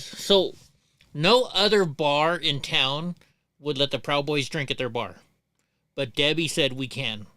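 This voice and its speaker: Bright, crisp-voiced man telling stories. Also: on the high side, measured pace, no echo. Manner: rambling, profane, many restarts. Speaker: livestream host. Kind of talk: casual storytelling on a livestream.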